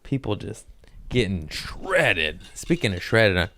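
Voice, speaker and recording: A man's voice: fairly low pitch, big pitch swings, slow, sharp tone. A young man hosting a podcast in a podcast room, chatting casually in a rambling, profane, joking way. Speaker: podcast host. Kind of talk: casual comedic podcast chat.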